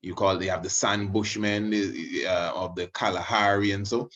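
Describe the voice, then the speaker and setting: A man's voice: on the low side, steady tone, normal speed, a bit bright. A man, teaching in a rambling casual monologue full of asides. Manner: rambling, many you-knows and restarts. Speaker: religious video host. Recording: muffled lo-fi audio.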